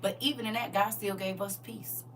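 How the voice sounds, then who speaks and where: A woman's voice: mid-range voice, fairly even intonation, normal speed, a bit bright, recorded from a distance, slight background noise. A woman hosting a casual faith livestream, laughing and talking straight to her viewers while she reads their comments.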